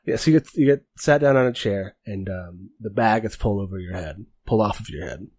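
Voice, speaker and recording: A man's voice: lowish voice, brisk, darkish tone, no room sound. A man narrating a tabletop game as game master, rambling with many fillers.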